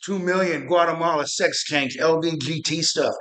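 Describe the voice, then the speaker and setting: A man's voice: fairly high pitch, moderate pace, hardly any pauses, a bit bright. A middle-aged man from Arizona, hosting his show in a fired-up, profane political rant that rambles and restarts. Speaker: podcast host.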